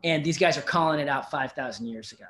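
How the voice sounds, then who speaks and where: Animated storyteller man, slightly high voice. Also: fast talker. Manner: animated, swears freely, laughs mid-story, many "you know what I mean" asides. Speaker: podcast guest, psychotherapist. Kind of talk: casual storytelling in conversation.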